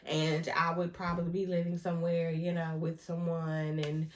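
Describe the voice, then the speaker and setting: A young woman telling a casual storytime vlog, animated and often laughing, talking straight to her viewers. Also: fairly low pitch, normal speed. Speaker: vlogger.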